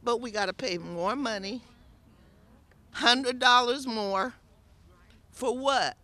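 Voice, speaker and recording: Woman, tenant testimony, slow deliberate pace, bright edge, emotional, exasperated. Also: on the high side. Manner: emotional, exasperated, bursts of shouting. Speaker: tenant speaking at a rally.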